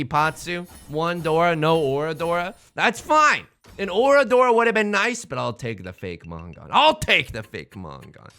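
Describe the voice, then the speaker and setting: Lively, jokey man commenting on a game. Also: on the high side. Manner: rambling, playful, jokey asides. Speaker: let's play host.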